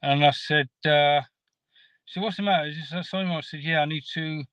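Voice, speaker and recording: Man telling a halting story. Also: a little high, fairly even intonation, fairly bright tone, clean tone, no echo, dull audio. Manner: halting, rambling, restarts often. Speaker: guest caller. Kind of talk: casual storytelling chat.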